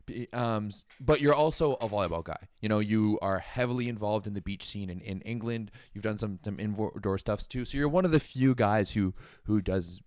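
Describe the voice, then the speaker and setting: A young man hosting a podcast, chatting in a rambling, animated way with many fillers. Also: fairly low pitch, normal speed, hardly any pauses, no room sound. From Canada. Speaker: podcast host. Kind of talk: casual podcast chat.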